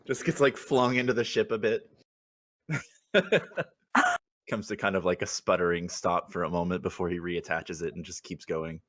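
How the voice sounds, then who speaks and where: A man's voice: sits low, steady tone, normal speed, fairly bright tone. A man narrating as game master in a tabletop game, casual and often laughing.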